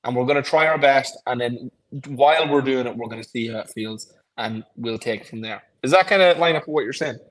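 A man's voice: medium pitch, brisk, fairly bright tone, rough recording. A man co-hosting a podcast in casual chat, encouraging and thinking aloud as he talks. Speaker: podcast co-host.

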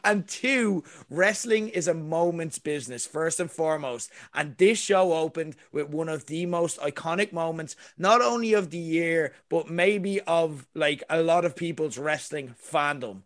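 Recorded in an echoey room on a distant mic, a man with a highish voice co-hosts a podcast, rambling and giggling through a casual story. He speaks a little slowly and with few pauses.

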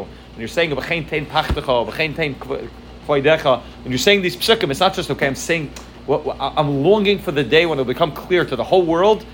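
Fast-talking man giving an earnest religious class. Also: a little high, slight background noise. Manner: earnest, repeats words while searching for phrasing. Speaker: Torah teacher.

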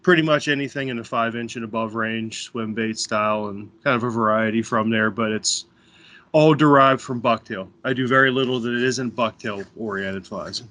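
An American man talks in a loose, rambling way as a podcast guest. His voice is bright and forward. He explains things at length in a friendly tone. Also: medium pitch, moderate pace. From Pennsylvania, USA. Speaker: podcast guest, fly tying guide. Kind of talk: casual interview chat. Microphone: remote call.

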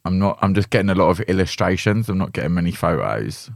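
A young man with a low voice hosts a casual podcast chat, gossiping and swearing with easy laughter. The recording is dry and close, with no room sound. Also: sing-song, quick pace, creaky, dry recording. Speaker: podcast host.

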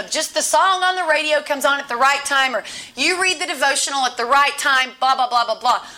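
Woman, high voice, conversational sermon, emphatic, repeats phrases. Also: pushed and bright. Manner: emphatic, repeats key phrases, chatty asides. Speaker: Bible teacher.

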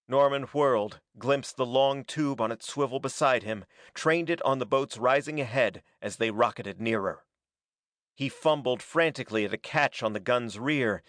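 A man reading a pulp adventure story aloud as a dramatic, steady narrator. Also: mid-range voice, no room sound, clean studio sound. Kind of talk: scripted audiobook narration.

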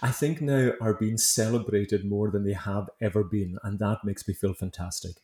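A man's voice: fairly low pitch, steady tone, normal speed, warm tone, reverberant. A man with a Hebridean Scottish accent, chatting casually as an interview guest, friendly and laughing lightly. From Isle of Lewis, Outer Hebrides, Scotland. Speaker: guest baker and author.

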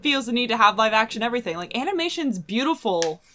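A woman hosting a casual pop-culture podcast, animated and emphatic, often trailing off mid-sentence. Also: a little high, quick pace, a little hiss or hum. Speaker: podcast host reading news.

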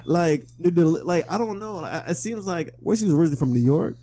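A man in a casual chat who talks haltingly, repeating words and saying bro a lot. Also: a little high, expressive, warm tone.

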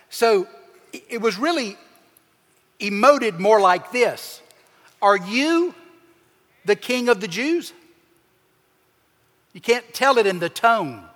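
A man preaching a sermon as pastor, with emphatic swings in pitch and loudness as he acts out the people he quotes. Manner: preaching with emphatic shifts, acting out quoted voices. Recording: long hall reverb.

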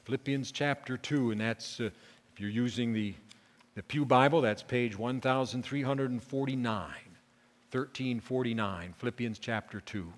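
A man preaching a sermon as pastor, repeating key phrases and swinging from quiet explanation to loud, emphatic peaks. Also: mid-range voice, normal speed. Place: church sanctuary. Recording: long reverb of a church hall.

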